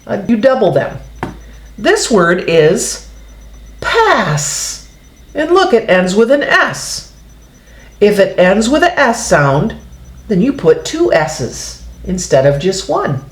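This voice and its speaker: A woman's voice: mid-range voice, sing-song, takes it slowly, echoey room. A woman teaching a reading lesson to young children, patient and sing-song, showing pages as she explains. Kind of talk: early-grade phonics lesson.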